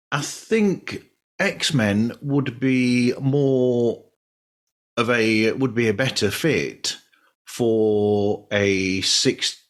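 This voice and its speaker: A man hosting a podcast, chatting in a relaxed, rambling way. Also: medium pitch. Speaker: podcast host. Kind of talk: casual podcast chat.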